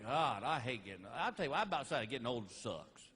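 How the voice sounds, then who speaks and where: A man's voice: medium pitch, sing-song, quick pace, a bit bright, slight background noise. A man, telling a stand-up comedy story and acting out both sides of the dialogue. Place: theater stage with a laughing audience. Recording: live stage recording, audience laughter.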